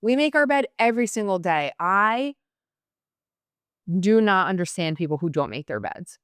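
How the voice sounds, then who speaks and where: A chatty young woman hosting a podcast talks fast and passionately in a casual way, dropping in many fillers. Her medium-pitched voice is clean and a bit bright with big pitch swings, and the studio sound is clean with no room sound.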